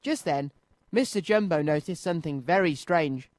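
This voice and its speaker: A man presenting a children's radio show, reading a storybook aloud in a lively, clear way from a studio. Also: on the high side, moderate pace, no room sound.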